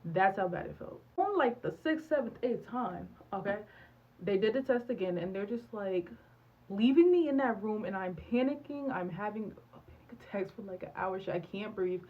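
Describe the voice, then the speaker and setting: A woman's voice: medium pitch, normal speed, lo-fi sound. Young woman telling a candid storytime. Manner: animated, candid, acts out dialogue with many fillers. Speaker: vlogger. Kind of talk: storytime vlog.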